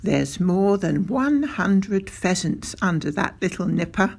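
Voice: medium pitch, expressive, slow, breathy edge, exaggerated voice. A reader voicing a sly, proud father who runs a country filling station, speaking in a confiding way.

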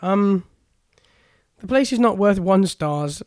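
A man's voice: sits high, expressive, slow pace, dry recording, studio quality. A man co-hosting a podcast, reading out news stories with chuckling asides. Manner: reads items out, chuckling asides. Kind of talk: casual chat, reading news aloud.

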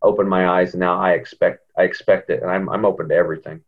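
A man guest on a podcast telling a personal story in an animated way, often jumping into higher voices when he quotes people. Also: quick pace. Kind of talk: storytelling in an interview. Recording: dull lo-fi audio.

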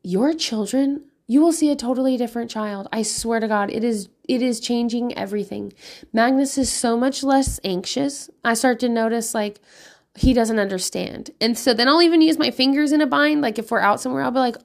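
Casting: woman, 30s, mom of five, slightly high voice, frank and foul-mouthed, laughs a lot. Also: a little fast, gravelly. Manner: candid and profane, laughing often. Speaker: mother of five giving parenting advice. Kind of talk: casual monologue.

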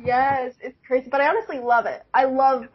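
A young woman with a high, husky voice talks casually and laughs often. She fills her speech with "like". The recording sounds dull and lo-fi. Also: steady tone, a little fast. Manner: chatty, laughs often, says "like" a lot. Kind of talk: casual chat.

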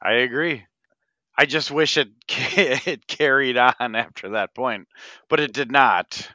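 A man co-hosting a podcast, giving a measured, mildly critical opinion of a film. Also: medium pitch, bright, forceful tone, no room sound. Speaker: podcast co-host. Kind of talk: casual movie review chat. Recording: slightly dull lo-fi podcast audio.

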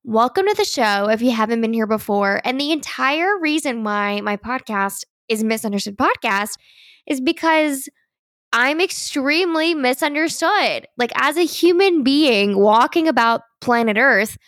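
A young adult woman hosting her own podcast, talking in a chatty, animated way with lots of "like" fillers. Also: high voice, normal speed, dry recording, studio quality. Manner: chatty and animated, heavy use of "like". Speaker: podcast host. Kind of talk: casual solo podcast monologue.

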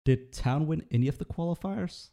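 A man's voice: fairly high pitch, normal speed, vocal fry, warm tone. A man hosting a casual panel discussion, chatty and full of fillers, his voice run through a voice changer. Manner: chatty, frequent fillers and laughs. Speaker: podcast host.

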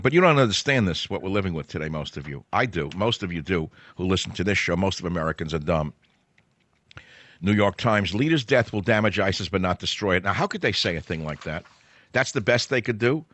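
A man's voice: on the low side, a bit bright, no echo. A man hosting a talk radio show, giving a sarcastic, indignant political monologue with scornful asides.

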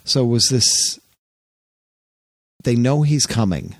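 A man hosting a podcast, chatting casually and retelling an anecdote with lively jumps into quoted voices. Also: takes it slowly, dry recording. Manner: animated storyteller, jumps up in pitch for quoted voices. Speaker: podcast host.

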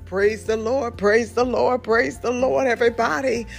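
A woman's voice: a little high, fairly even intonation, a little slow, vocal fry, faint music behind. A woman preacher delivering a sermon in a fervent, emphatic way, repeating key phrases. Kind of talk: sermon with sung worship opening.

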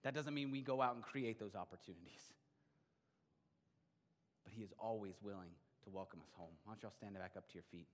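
A middle-aged male pastor delivering a sermon, swinging between loud emphatic bursts and quiet, intimate stretches. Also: on the low side, fairly quick, pauses often. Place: church sanctuary. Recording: long hall reverb.

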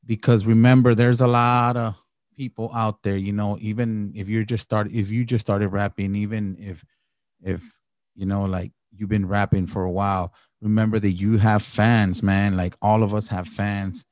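A man's voice: lowish voice, flat delivery, normal speed, darkish tone, dry recording, clean studio sound. A man hosting a podcast who reviews a song in casual chat. He rambles loosely and swears freely. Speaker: podcast host reviewing music.

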